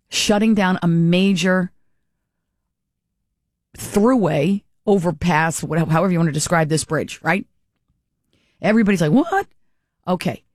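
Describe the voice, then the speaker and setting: A woman's voice: lowish voice, no room sound, clean studio sound. A woman giving opinionated political commentary, indignant and sarcastic, firing off rhetorical questions.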